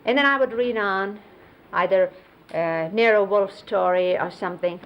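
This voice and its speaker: A woman recalling memories in an unhurried storytelling way, explaining and demonstrating hand gestures as she goes. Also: mid-range voice, clean tone, muffled recording. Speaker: close companion recounting memories of a spiritual teacher. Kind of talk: reminiscing storytelling. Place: 1970s videotaped sit-down interview.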